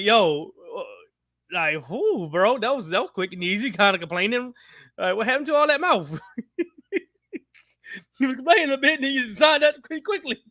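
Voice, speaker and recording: A man's voice: sits high, sharp tone, dry recording. A man co-hosting a podcast who gives blunt, slangy opinions on wrestling. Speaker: podcast co-host. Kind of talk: casual wrestling chat.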